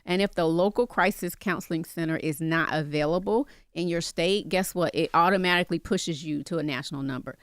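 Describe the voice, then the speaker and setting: A woman with a lowish voice talks as a guest in a radio studio, urging her listeners with passion. Her voice is close and dry, with no room around it. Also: fairly quick, hardly any pauses, no echo. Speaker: guest, mental health advocate. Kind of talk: earnest interview talk.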